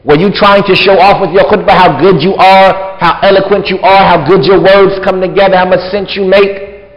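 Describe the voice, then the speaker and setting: A man's voice: high voice, fairly even intonation, moderate pace. A man teaching a religious lesson in a casual, conversational way, saying "like" and "right?" often. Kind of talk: mosque lesson with translation. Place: large mosque hall. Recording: dull lo-fi recording with long hall reverb.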